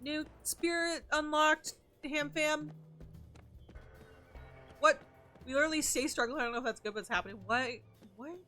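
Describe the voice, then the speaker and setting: A woman streaming a video game, chatting in a playful, expressive way and swearing freely. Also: high voice, moderate pace, pauses often, faint music behind. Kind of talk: casual gaming livestream commentary.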